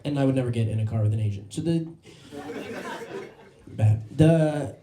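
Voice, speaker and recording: Animated stand-up comic in a roomy club. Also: male voice, mid-range voice, normal speed, a crowd in the background. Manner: animated storytelling with voiced impressions. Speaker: stand-up comedian. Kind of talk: stand-up comedy set. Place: comedy club stage.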